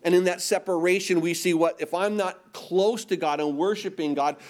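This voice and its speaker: A man's voice: high-pitched, fairly even intonation, normal speed. A middle-aged male pastor preaching a sermon, asking rhetorical questions and repeating words for emphasis.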